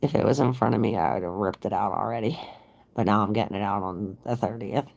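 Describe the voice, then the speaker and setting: A woman's voice: a bass voice, fast, creaky, darkish tone. A woman giving a casual live-stream tarot reading, chatting with viewers and answering their comments aloud. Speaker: tarot reader.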